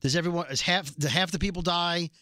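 A man co-hosting a podcast, chatting quickly and casually and reading aloud from a letter. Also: high-pitched, sharp tone. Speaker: podcast co-host. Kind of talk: casual chat.

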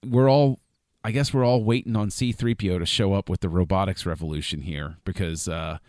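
Chuckling low-voiced man, dry sound. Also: fairly quick, a little mellow, dry recording. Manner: chuckling, enthusiastic, trails off and restarts. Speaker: podcast co-host. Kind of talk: casual podcast chat.

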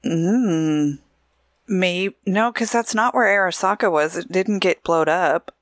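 A woman co-hosting a podcast in casual chat, giggly and chatty, reading out shout-outs and promos. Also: lowish voice, slow pace, no echo, studio quality. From Oregon, USA. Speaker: podcast co-host.

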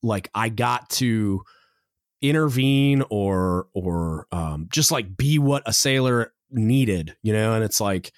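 A male podcast host telling a story in a relaxed way, with fillers, dropping lower when he quotes others. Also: slow, dry recording, studio quality. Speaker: podcast host, Navy chief. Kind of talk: casual chat.

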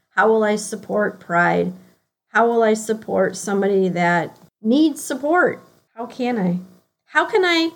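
A woman with a Midwestern American accent hosting a reflective motivational podcast, earnestly posing one question after another and slowing down on key words. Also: mid-range voice, gravelly. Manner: earnest, asks herself a string of questions, slows on key words. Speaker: podcast host.

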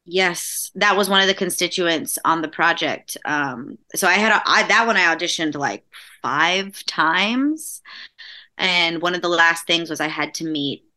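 Woman, interview guest, lowish pitch, emotional storytelling, acts out quotes. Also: a little slow. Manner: animated, voices other people in her stories. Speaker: actress guest.

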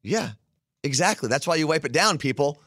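Man podcast co-host, rambling and defensive, bright animated voice, dry close sound. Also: on the high side, brisk, dry recording. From Minnesota. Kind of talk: casual chat.

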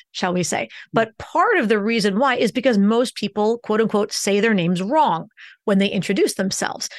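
A woman's voice: medium pitch, no room sound. A woman speaks as an expert guest on a podcast. She teaches her points and shifts her pace to stress them. Her mid-range voice sits on a close, dry mic. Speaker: communication coach, podcast guest.

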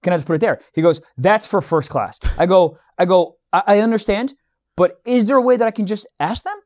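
A young man co-hosting a podcast, telling a story in casual chat, animated, acting out both sides of an argument and swearing freely. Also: sits high, fast. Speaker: podcast co-host.

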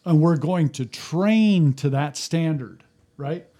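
A man's voice: on the high side, takes it slowly, warm tone. A man, a former fire service leader, talking casually and telling stories from the job, often restarting his sentences and acting out the people he quotes. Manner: storytelling, acts out quotes, frequent restarts. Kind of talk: casual podcast conversation.

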